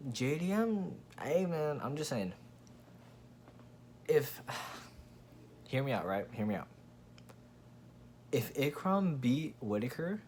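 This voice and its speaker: A man runs his own MMA commentary channel, ranting his opinions casually, bluntly and profanely, with rambling and frequent restarts. His voice is medium-pitched and a little mellow, with a bit of hiss or hum.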